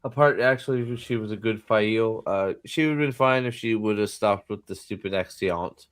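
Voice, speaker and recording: A man hosting a casual podcast chat, blunt and quick to swear, reading out chat comments. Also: on the low side, dry recording.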